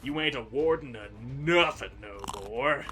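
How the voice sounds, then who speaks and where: Soft background music plays under a gaming channel host's unhurried, sharp-toned, mid-range voice. He gives crude, sarcastic commentary on his video game, trash-talking the enemies he fights.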